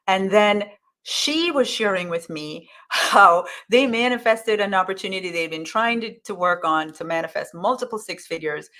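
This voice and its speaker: A middle-aged woman giving a motivational coaching talk, emphatic and animated, repeating phrases for effect. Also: medium pitch. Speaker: money mindset coach.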